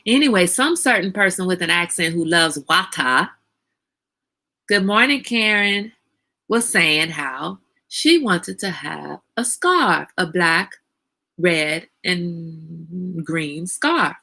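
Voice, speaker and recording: A woman's voice: fairly low pitch, animated, slow, bright, forceful tone. A woman hosting a casual livestream, chatting animatedly, greeting viewers by name and laughing often. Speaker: livestream host.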